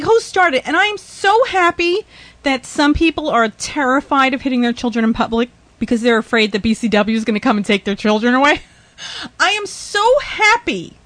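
High-voiced woman ranting indignantly. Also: a bit bright, no room sound. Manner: indignant, swears, rambling with laughs and sighs. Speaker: podcast host. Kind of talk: ranting monologue.

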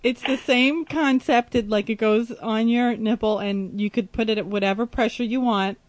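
A woman's voice: fairly high pitch, steady tone, moderate pace, dry recording. A woman hosting a frank, casual chat, talking bluntly and teasing. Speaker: host.

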